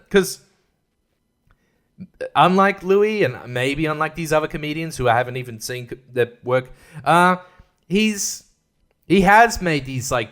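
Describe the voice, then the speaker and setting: On his podcast, a man launches into a casual comedic rant that wanders, gets crude, and has him cracking up at his own jokes. He speaks with a fairly high, somewhat bright voice.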